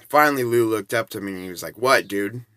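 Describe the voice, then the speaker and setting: A man's voice: medium pitch, lively intonation, brisk, fairly bright tone, dry recording, studio quality. A man in his forties telling rambling, casual anecdotes and chuckling between bits. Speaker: storyteller.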